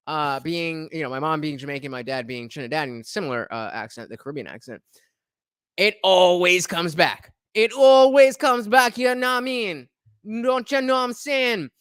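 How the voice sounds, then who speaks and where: A man's voice: a little high, pushed and bright, no echo, clean studio sound. An American man hosting a casual commentary, rambling with many filler sounds and restarts. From United States. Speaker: host reacting to clips.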